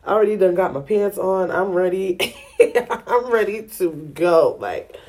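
A woman hosts a podcast in casual chat, spinning a story with lots of slang and animated swings in her voice. She laughs easily and keeps the telling loose and lively. Her pitch sits in the ordinary middle for a woman. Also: normal speed. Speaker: podcast host.

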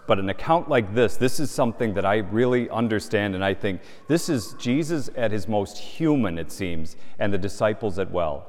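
A man who is a bishop, preaching a sermon in a large cathedral in an earnest, conversational way and asking rhetorical questions. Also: fairly low pitch. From Gulf Coast of the United States. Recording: long cathedral reverb.

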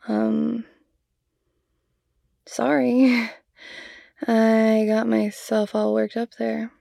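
A fiery young woman coder, proud and quick to swear, speaking slowly with a gravelly, mellow edge on a higher voice, as a woman acts her out. She sounds dry and close, with no room around her. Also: dry recording, exaggerated voice. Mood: flustered, apologetic. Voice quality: swears constantly, sharp-tongued. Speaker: computer science student. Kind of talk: adult audio role-play.

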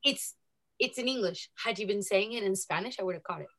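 A woman's voice: mid-range voice, a little fast. A woman from California with an American accent, a guest telling stories in a casual, chatty way. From California, USA. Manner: chatty, animated retelling with laughs and fillers. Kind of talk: casual storytelling interview.

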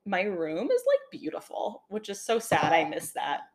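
A young woman co-hosting a casual podcast, recounting a story with animated energy. She acts out what people said and fills her talk with loose, rambling fillers. Her voice sits at an ordinary middle pitch. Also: normal speed. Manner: animated storytelling, acting out quotes with many "like" fillers. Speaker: podcast co-host. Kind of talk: casual chat.

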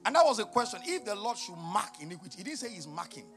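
High-voiced passionate male preacher. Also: sing-song, fast talker, music in the background. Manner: swings from quiet teaching to loud shouted emphasis. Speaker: pastor. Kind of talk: sermon.

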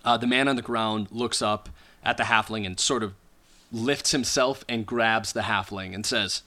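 A man narrating as game master of a tabletop game in a relaxed, chuckling way. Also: on the low side, normal speed.

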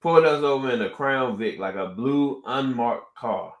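A man co-hosting a podcast, telling a story in a casual, animated way and acting out the people in it. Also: medium pitch, normal speed. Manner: animated storyteller, acts out quoted exchanges. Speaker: podcast co-host. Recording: roomy echo.

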